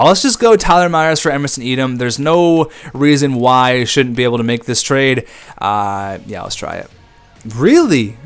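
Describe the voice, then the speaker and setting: Young man, game commentary, chatty and excitable, smooth clear voice, mid pitch. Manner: chatty, excitable, talks to viewers. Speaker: gaming YouTuber. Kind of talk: casual gameplay commentary. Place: home room at a desk with a squeaky chair.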